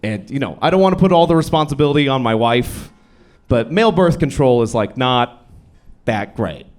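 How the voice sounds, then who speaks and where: A young man performing a stand-up set on a comedy club stage, with a deadpan, self-deprecating delivery. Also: medium pitch, normal speed. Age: young adult.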